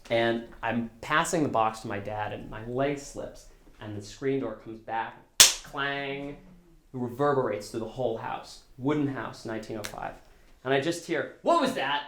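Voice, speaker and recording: A man's voice: mid-range voice, measured pace, reverberant, noisy background. A man telling a true story on stage at a storytelling concert, conversational and self-deprecating, with frequent restarts. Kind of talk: live storytelling performance.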